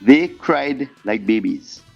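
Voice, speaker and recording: A man being interviewed as a guest singer, telling stories in a lively way and acting out the voices of the people in them. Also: medium pitch, slow pace, gravelly, husky. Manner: animated storyteller, acts out quoted voices. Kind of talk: storytelling interview chat. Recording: muffled podcast audio with faint music.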